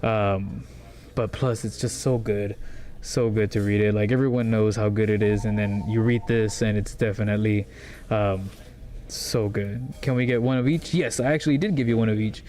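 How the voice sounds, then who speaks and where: A man's voice: on the low side, fairly even intonation, moderate pace, mellow. A man hosting a casual comic shop rundown, talking in a rambling, enthusiastic way with lots of fillers. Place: comic book store.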